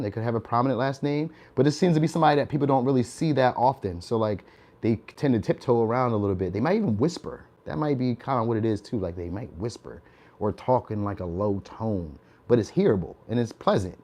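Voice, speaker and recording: A man's voice: medium pitch, a little mellow. Chatty man giving a tarot reading. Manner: chatty, laughs often, tags lines with "all right?". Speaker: tarot reader.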